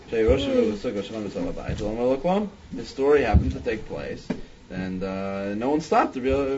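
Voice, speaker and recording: A man's voice: medium pitch, dull audio, background noise. A man leading a Talmud study class, thinking aloud with frequent restarts and "I mean". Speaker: Talmud teacher.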